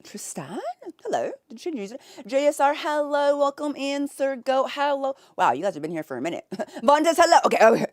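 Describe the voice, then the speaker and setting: A woman streamer with a high-pitched, very animated voice talks fairly quickly as she greets her chat from her home office. Giggly and effusive, she laughs often, and the recording is dry and studio quality.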